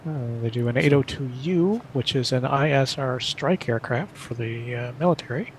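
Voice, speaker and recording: A man's voice: mid-range voice, normal speed, a little hiss or hum. A man on a group flight-sim session, chatting casually and listing details with frequent fillers. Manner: reels off details with many fillers. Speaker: player in a group flight stream. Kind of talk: casual gaming chat.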